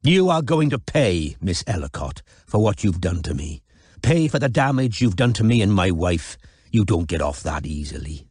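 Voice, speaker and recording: A man voicing a spiteful, hysterical middle-aged Welshman with a Welsh accent, sneering and shouting in an audiobook. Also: a little high, big pitch swings, a little slow, no echo, studio quality, pitched above the performer's own voice. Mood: furious. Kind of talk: audiobook character voice.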